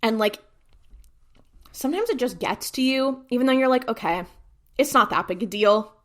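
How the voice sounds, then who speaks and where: A woman's voice: on the high side, moderate pace. A woman co-hosting a podcast, casually recapping an episode and acting out the characters' lines with lots of "like". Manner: animated retelling, acts out character lines. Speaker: podcast co-host.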